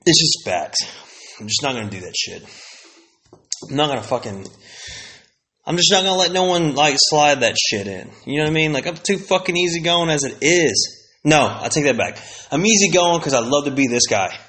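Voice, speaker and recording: A man's voice: fairly high pitch, expressive, moderate pace, bright, forceful tone. A man hosting a solo podcast, venting bluntly in a casual, profanity-heavy rant that circles back on itself. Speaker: podcast host.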